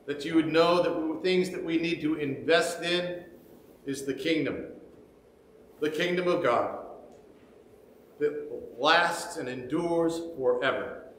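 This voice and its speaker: A man's voice: a little high, takes it slowly, long pauses, a bit bright, reverberant, long reverb tail, slight background noise, poor audio. A man preaching a sermon as pastor, earnestly retelling scripture and urging his listeners.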